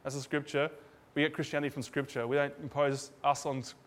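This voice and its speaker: A man's voice: a little high, level tone, fast, fairly bright tone. A man preaching a sermon in a loose, conversational way, acting out little dialogues in different voices. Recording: hall reverb.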